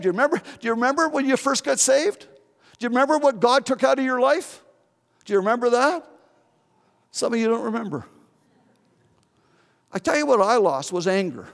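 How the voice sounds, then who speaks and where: A man's voice: very high-pitched, animated, moderate pace, long pauses, in a large hall. A man in his seventies preaching a sermon as pastor, earnest and often repeating and restarting his words. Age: 70s. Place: church.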